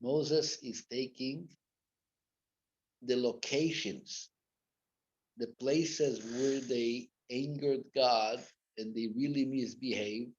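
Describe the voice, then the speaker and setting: A man teaching a live Torah class as a rabbi, mixing Hebrew and Yiddish terms into English and swinging from loud acted rebukes to quiet asides. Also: medium pitch, slow pace, pauses often. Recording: dull lo-fi classroom recording.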